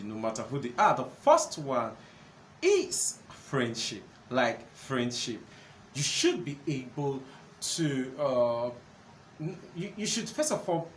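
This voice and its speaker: A man hosting a solo talk on relationships, earnest and conversational, often pausing with fillers. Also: mid-range voice. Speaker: host, counselor. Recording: echoey room with faint background noise.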